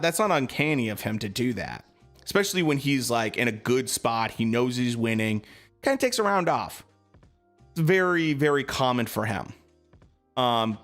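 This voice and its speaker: A man's voice: medium pitch, a bit bright. A man streaming live, chatting casually about boxing and answering his viewers, with lots of fillers.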